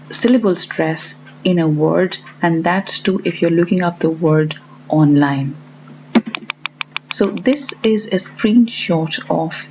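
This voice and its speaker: Woman teacher, measured and careful, sounding out each example word, low-pitched, on a muffled recording. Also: a little mellow. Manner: slow and deliberate, stresses example words. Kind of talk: explaining to learners. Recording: dull lo-fi audio with faint hum.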